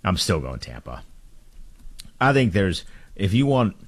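A man's voice: low-pitched, sing-song, measured pace, husky. A man co-hosting sports talk radio, laid-back and joking.

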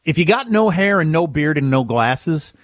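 A man's voice: a little high, lively intonation, moderate pace, no echo, studio quality. A man co-hosting a talk radio show, chatting casually and joking at his own expense. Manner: joking, self-deprecating.

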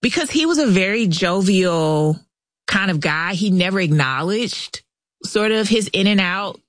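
A woman guest author recounts a personal story with candor and animation, slipping into the voices of the people she quotes. Her pitch sits in an ordinary middle range, and the studio sound is dry and close. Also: measured pace, no room sound. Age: adult past thirties. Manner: candid, animated retelling with quoted dialogue. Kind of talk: casual interview storytelling.

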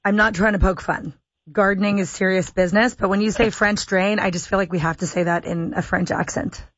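A woman's voice: mid-range voice, steady tone, a little fast, no echo, lo-fi sound. A woman radio host reading listener questions aloud and teasing her guest in a playful way. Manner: playful, reads messages aloud and teases.

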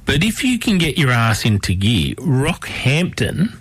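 A man's voice: medium pitch, huge pitch swings, a little slow, fairly bright tone, husky. A man hosting a radio show, chatting casually and rambling with plenty of fillers and restarts.

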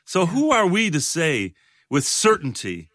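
A man in his sixties, a guest in a conversation, talking in a halting, reflective way with many restarts. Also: a little high, huge pitch swings, fairly bright tone, no echo, clean studio sound. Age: 60s. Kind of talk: casual conversation.

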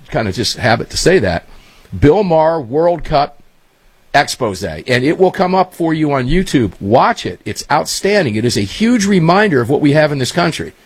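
A man's voice: on the high side, husky, no echo. A man hosting a talk show, chatting casually and rambling through stories. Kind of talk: casual chat.

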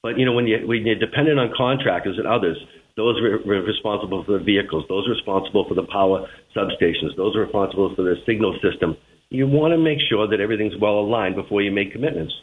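A man with a Boston accent answers radio interview questions in a measured, plain-spoken way. His voice sits a bit low. It comes through a tinny phone line. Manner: plain-spoken, measured, repeats words at starts. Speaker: transit general manager, interviewee.

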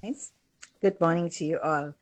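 A woman's voice: low voice, moderate pace. A woman from South Africa calling a radio show, cheerful and chatty. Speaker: caller. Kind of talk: casual phone-in chat.

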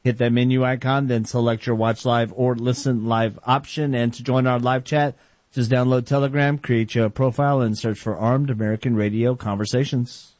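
Flat-voiced radio co-host. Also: male voice, medium pitch, moderate pace, no room sound. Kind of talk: reading show announcements. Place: hot radio studio.

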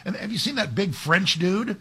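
Husky male talk radio host. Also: high-pitched, expressive, normal speed, pushed and bright. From Texas. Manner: emphatic, with frequent restarts and asides. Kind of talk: conservative talk radio commentary.

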